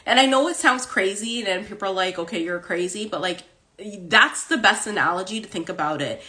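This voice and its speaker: A woman's voice: medium pitch, brisk, pushed and bright. A woman hosting a casual spiritual livestream, chatty and full of "like" and "okay?", talking into a phone. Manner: chatty, fills speech with "like" and "okay?". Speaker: host.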